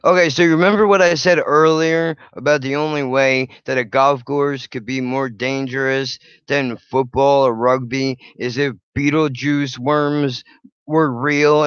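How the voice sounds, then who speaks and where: A man's voice: medium pitch, fairly bright tone, clean tone, no room sound, highs cut off. A man hosting his channel, reacting to videos with blunt, profane, sarcastic commentary. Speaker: channel host.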